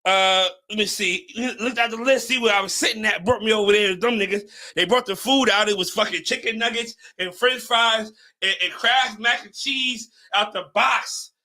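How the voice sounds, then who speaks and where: A podcast host spins a loose, profane story in a strikingly high voice. He keeps stumbling and restarting as he goes, in a bright, sharp tone. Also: normal speed. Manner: profane, rambling, stumbling over words. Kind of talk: casual storytelling.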